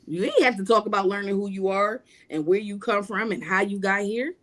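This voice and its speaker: A woman's voice: mid-range voice, a little fast, a bit bright. A woman guest on a livestream panel, speaking emphatically about spirituality in casual, repetitive, preacher-like runs.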